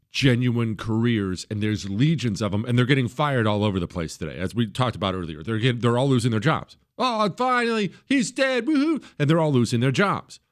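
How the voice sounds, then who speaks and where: A middle-aged man hosting a talk radio show, delivering an emphatic, opinionated monologue and jumping into high mocking voices when he quotes others.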